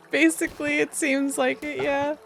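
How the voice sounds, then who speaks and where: A woman's voice: mid-range voice, expressive, slow pace, a bit bright, faint music behind. A young woman streaming a game, chatting casually, cooing and doting with giggles and sudden gasps. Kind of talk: casual live-stream commentary.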